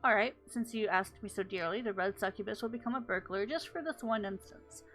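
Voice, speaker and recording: A woman's voice: medium pitch, fairly quick, a bit bright, soft background music, natural voice. A woman reading a coy swindler thief. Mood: sly. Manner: coy and theatrical, feigning innocence. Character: sly flirtatious female swindler and thief. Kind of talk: reading game dialogue aloud.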